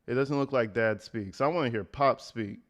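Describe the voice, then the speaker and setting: A man's voice: mid-range voice, moderate pace, slight background noise. A man streaming live, reacting to a video with blunt, mocking and profane commentary.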